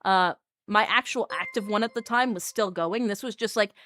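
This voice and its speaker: A woman VTuber chatting casually on a live stream, animated and self-mocking. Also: mid-range voice, normal speed.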